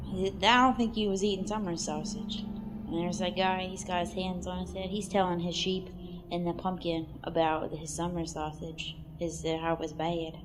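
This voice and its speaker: A woman giving casual, crude comic play-by-play narration of a cartoon, offhand at times and breaking into excited exclamations. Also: lowish voice, normal speed, music in the background.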